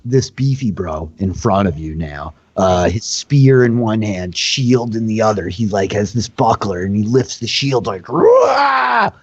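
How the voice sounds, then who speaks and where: A man's voice: lowish voice, a little slow, hardly any pauses, a little mellow, husky, no echo, highs cut off. A man running a tabletop game as dungeon master, narrating in a loose, profane, laughing way.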